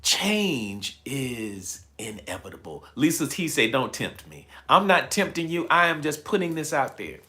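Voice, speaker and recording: A man hosting a livestream, telling a story to his chat in a casual, animated way and repeating phrases as he builds it. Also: medium pitch, unhurried, hardly any pauses. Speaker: livestream host.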